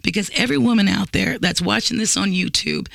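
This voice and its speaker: A woman's voice: mid-range voice, a little fast, gravelly, a bit bright, no room sound. A woman telling a story in casual chat, blunt, sarcastic and profane. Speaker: podcast guest.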